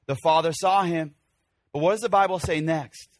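A man in his forties preaching a casual, animated sermon to a church audience, acting out scenes with sudden shouts. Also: on the high side, normal speed. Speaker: pastor.

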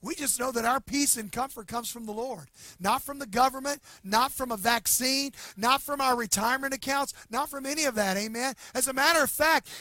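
A man pastor preaching a sermon with emphasis, swinging between loud bursts and hushed, slow lines. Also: extremely high pitch, no room sound.

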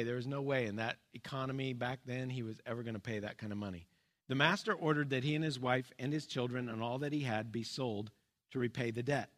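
A man preaching a sermon, earnest and plain-spoken, with pauses, restarts and his voice dropping low and soft on key points. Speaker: pastor.

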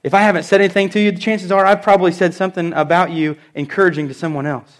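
Man, pastor, sermon, high voice, animated storytelling, emphatic repeats. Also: rapid-fire.

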